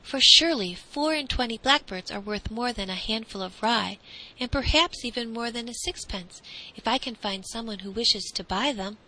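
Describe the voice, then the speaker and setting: A woman's voice: on the high side, normal speed, bright, forceful tone, poor audio. A woman voicing an earnest, determined young boy in a storybook reading. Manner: bold, pleading.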